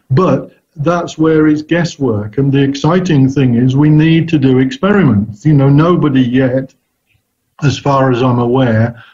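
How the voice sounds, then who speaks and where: A man as an interview guest who talks about research thoughtfully, often pausing and restarting his sentences. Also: mid-range voice, dark tone. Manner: thoughtful, hesitant, frequent restarts. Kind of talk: casual interview answers. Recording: dull lo-fi recording.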